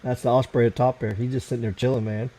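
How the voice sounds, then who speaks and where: This American man talks fast in a level, gravelly, warm mid-range voice, and the audio is poor. Hosting a laid-back late-night livestream, he rambles on and swears while fiddling with his computer.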